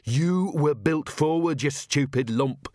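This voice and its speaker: A man voicing a bossy, scornful inner voice of a young woman, shrill and squeaky. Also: lively intonation, takes it slowly, dry recording, clean studio sound.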